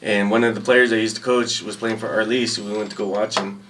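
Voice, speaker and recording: A man's voice: on the low side, level tone, fast talker, recorded from a distance, noisy background. A man guest telling casual stories, rambling and laid-back. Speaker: podcast guest. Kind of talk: casual storytelling. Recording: voice a bit off-mic.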